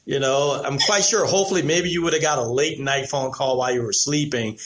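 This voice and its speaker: A man's voice: medium pitch, fairly quick, a bit bright. A man hosting a radio interview, musing aloud in long, reflective sentences. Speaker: radio host. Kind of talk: interview questions.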